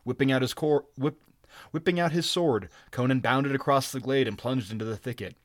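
A man reading a story aloud at an even pace, sometimes stumbling and restarting a word. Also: medium pitch, normal speed, no room sound, clean studio sound. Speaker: reader. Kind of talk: audiobook reading, amateur.

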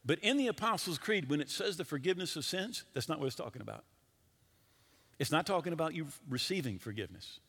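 A male pastor preaching a sermon in an animated way, asking his listeners questions directly. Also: a little high, quick pace, slightly rough. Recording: long hall reverb.

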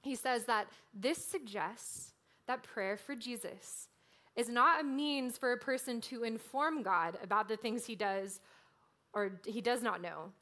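Conversational woman preaching a sermon, higher voice. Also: unhurried, bright, forceful tone. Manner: conversational, frequent "like" fillers.

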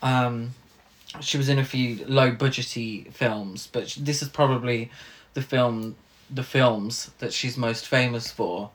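A man co-hosting a film podcast, talking casually with frequent pauses and ums. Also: medium pitch, fairly even intonation. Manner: hesitant, many ums. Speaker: podcast co-host.

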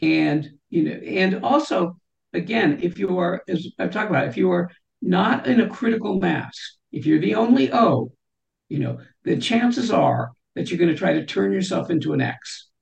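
A woman's voice: fairly low pitch, expressive, moderate pace, vocal fry, a little mellow, dull audio. A woman guest in a conversational interview, talking thoughtfully and often saying "you know".

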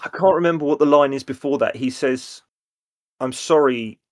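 A man's voice: fairly high pitch, fast. A man co-hosting a podcast, chatting casually and acting out quoted lines. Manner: relaxed, acts out quoted lines with voices. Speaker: podcast co-host. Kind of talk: casual chat about a sitcom episode.

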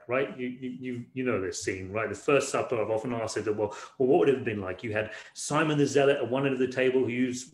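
Conversational male pastor in a roomy hall. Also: mid-range voice. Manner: conversational, repeats words while searching. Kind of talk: sermon.

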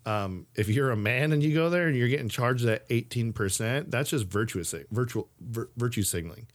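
Co-hosting a podcast, a man talks at normal speed in a mid-range voice. He keeps the chat casual, telling stories animatedly and laughing often.

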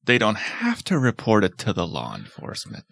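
A man's voice: lowish voice, wildly swooping pitch, brisk, gravelly, a bit bright. A man co-hosting a podcast, chatting casually with jokes, wordplay and casual swearing. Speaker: podcast co-host.

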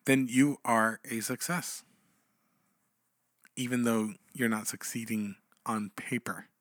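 A man's voice: medium pitch, steady tone, slow, fairly bright tone, dry recording, clean studio sound. A man co-hosting a podcast, telling a long anecdote in casual chat with many restarts and asides. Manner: rambling, many restarts and "you know"s. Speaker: podcast co-host.

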